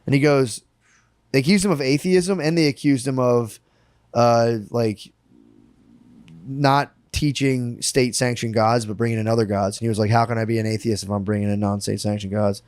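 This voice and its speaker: A man co-hosting a podcast, chatting casually and telling animated, profane stories full of put-on quotes. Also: mid-range voice, moderate pace, dry recording, clean studio sound. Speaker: podcast co-host. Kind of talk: casual chat.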